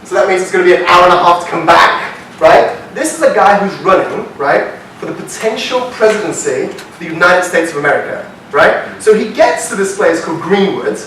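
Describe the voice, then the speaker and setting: A man telling a story to a live audience at a business workshop, animated and constantly checking in with "right?" as he asks the room questions. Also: high-pitched, brisk. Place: hall with a seated audience. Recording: very echoey hall, mic far off, faint hiss.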